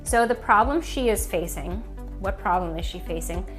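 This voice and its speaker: A woman's voice: medium pitch, moderate pace, music in the background. A woman giving a casual video lesson on reading a children's book, chatty and full of fillers. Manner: casual, conversational, many fillers like "like" and "um". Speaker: reading teacher.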